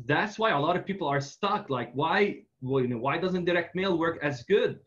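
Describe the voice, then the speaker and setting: A man with a fairly high voice teaches in a loose, conversational way, telling a story and checking in with "right?" after most sentences. He leans on lots of fillers, and the recording sounds dull and lo-fi. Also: expressive, normal speed, a bit bright. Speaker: real estate marketing coach. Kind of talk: casual teaching in a Q&A.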